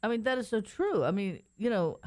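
A woman co-hosting a Christian radio show, bubbly and excitable, reading a prophetic word aloud. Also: mid-range voice, a little fast. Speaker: radio co-host. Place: radio studio.

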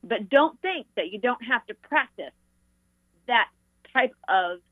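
A woman's voice: a little high, lively intonation, takes it slowly, dry recording. Earnest woman over a phone line. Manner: earnest, encouraging. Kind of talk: heartfelt testimony talk.

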